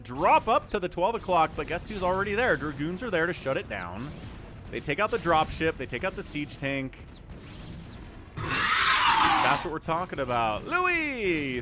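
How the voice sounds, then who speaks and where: Animated man casting a live game. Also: on the high side, noisy background. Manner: animated, chatty, thanks viewers mid-play. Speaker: stream host and game commentator.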